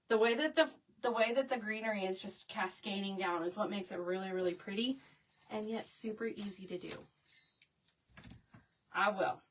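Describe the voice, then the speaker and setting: Chatty woman a bit far off. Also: mid-range voice. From Oklahoma. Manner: chatty, reads viewer comments aloud, laughs easily. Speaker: crafting live-stream host. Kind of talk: casual live-stream chat.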